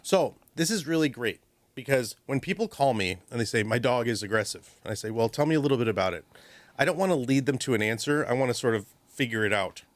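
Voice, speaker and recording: Animated man giving dog-training advice. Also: medium pitch, no echo. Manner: animated, acts out dogs and owners in quick voices. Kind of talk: radio call-in advice. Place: radio studio. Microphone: studio microphone.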